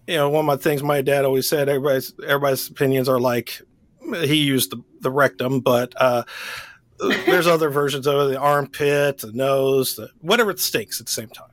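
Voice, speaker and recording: A man's voice: medium pitch, steady tone, brisk, no room sound. A man co-hosting a book podcast, chatting casually and rambling with frequent restarts. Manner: rambling, self-correcting, laughs easily. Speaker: podcast co-host. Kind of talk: casual chat.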